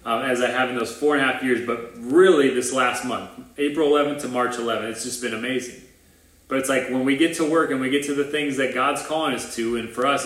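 The pastor of a new church preaches a conversational livestream sermon in a mid-range, slightly bright voice. He's earnest and informal, restarting sentences and tossing in asides, and the recording has a roomy echo.

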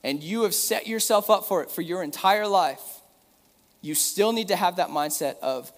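A man's voice: sits high, normal speed. A man preaching a sermon in a casual, conversational way, with joking asides to the room. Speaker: pastor. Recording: long hall reverb.

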